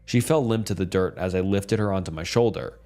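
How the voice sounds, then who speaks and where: A man reading a dark first-person horror story as a calm, steady scripted narration. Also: low-pitched, a little fast.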